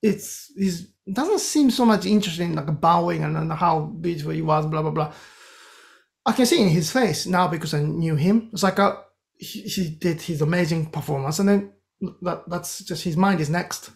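A man with a Japanese accent, a composer talking as a guest in an interview, telling animated stories with many restarts. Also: on the high side, normal speed, creaky. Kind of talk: casual interview storytelling.

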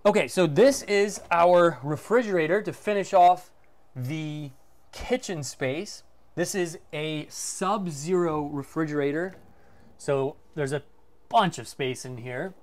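A man's voice: on the high side, slight background noise. A man casually presenting a walkthrough of a motorhome for sale, enthusiastic and full of fillers like "um" and "like". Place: inside a motorhome.

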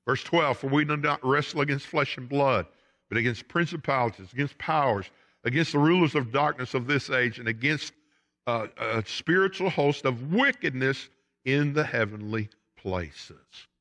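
A Southern US pastor delivers an emphatic sermon with a bright, forceful voice. His intensity swells and drops as he preaches. The sound rings with the long reverb of a church sanctuary. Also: mid-range voice, moderate pace. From United States.

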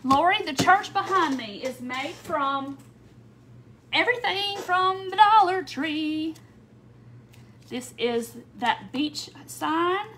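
A woman's voice: high voice, animated, takes it slowly, a little hiss or hum. A woman hosting a craft livestream, chatting casually and greeting viewers by name with frequent "um"s. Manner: chatty, warm welcomes, frequent little laughs and "um"s.

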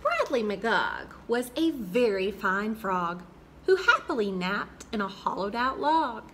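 A woman hosting a children's program and reading a rhyming picture book aloud with an expressive, rhythmic delivery. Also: a little high, slight background noise. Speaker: children's storyteller host.

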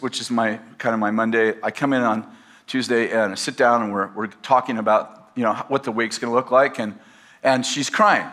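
Pastor, man, mid-pitched voice, casual storytelling sermon with self-deprecating jokes. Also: pushed and bright. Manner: conversational, rambling, self-deprecating humor. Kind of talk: storytelling sermon to a live audience. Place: campus teaching session.

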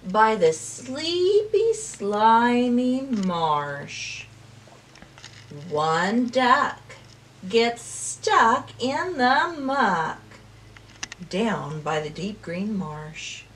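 A woman telling a rhyming story at circle time for preschoolers, slow and expressive, dropping to whispers and rising to calls. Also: a little high, distant mic, a little hiss or hum. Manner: slow, sing-song and expressive, with big swings between whispers and calls. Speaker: preschool teacher.

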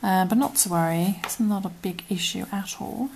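Chatty British woman, gravelly edge. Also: mid-range voice, normal speed, a little hiss or hum. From United Kingdom. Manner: chatty, often trailing into murmurs and whispers while working. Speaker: crochet tutorial host. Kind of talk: casual step-by-step craft tutorial.

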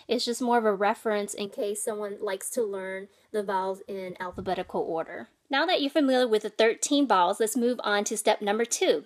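A woman teaching a language lesson, patiently explaining and sounding out vowels and tones. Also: mid-range voice. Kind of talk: instructional explanation.

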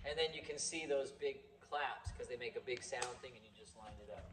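A man's voice: medium pitch, fairly quick, few pauses, very noisy. Chatty Bible-teaching man, echoey room. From California. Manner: chatty, rambling, swears casually. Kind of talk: casual on-camera Bible teaching. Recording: echoey room, mic far off.

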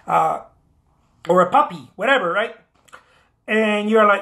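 Emphatic male artist with a bright voice. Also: sits high, slow pace, pauses often. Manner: emphatic, repeats key phrases, acts out quoted voices. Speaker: artist giving career advice. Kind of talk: motivational talk to camera.

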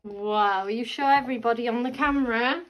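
A woman's voice: on the high side, normal speed. A pregnant woman chatting casually to camera at home, gushing and cooing to her toddler. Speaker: vlogger and mother.

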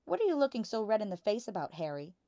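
A woman voicing a sharp-tongued middle-aged mother who scolds her husband, in a storybook reading. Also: medium pitch, big pitch swings, fast talker, dry recording, clean studio sound, voice pushed up. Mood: scolding.

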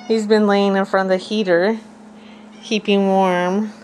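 A woman filming her pets at home in casual narration, talking to them in high sing-song baby talk. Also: little pitch movement, unhurried, darkish tone, slight background noise, low-quality recording.

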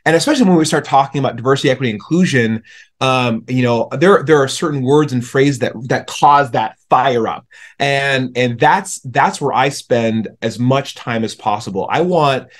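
Young guy on a podcast, chatty storyteller, does little voices for people he quotes, mid pitch. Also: moderate pace. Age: young adult. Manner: storytelling, animated when quoting others. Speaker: podcast guest. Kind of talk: casual conversation.

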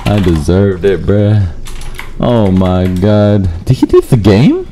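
A man giving profane live commentary over his own gameplay, muttering low and then yelping up high when things go wrong. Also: sing-song, slow, mellow, slight background noise. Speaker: gaming YouTuber.

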